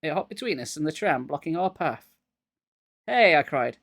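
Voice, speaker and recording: Man, fairly high voice, hoarse from a cold, live reading, wry asides, dry close mic. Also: lively intonation, a little fast, dry recording. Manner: wry, joking commentary between passages. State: getting over a cold, coughing. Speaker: reader of a children's horror book.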